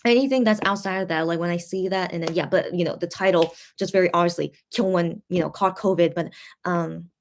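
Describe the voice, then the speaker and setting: A young adult woman hosting a casual livestream, reading out viewer comments and talking them through in a halting, comforting way with many restarts. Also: lowish voice, fairly even intonation. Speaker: livestream host reading fan chat.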